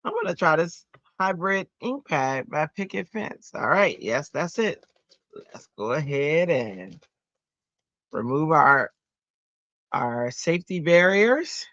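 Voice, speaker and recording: A woman's voice: low-pitched, lively intonation, takes it slowly, long pauses, fairly bright tone, no room sound, highs cut off. A woman hosting a casual craft livestream from home, chatting to her viewers as she works. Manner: chatty, answers chat, breaks into sung bits. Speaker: livestream host. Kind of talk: casual livestream chat while card-making.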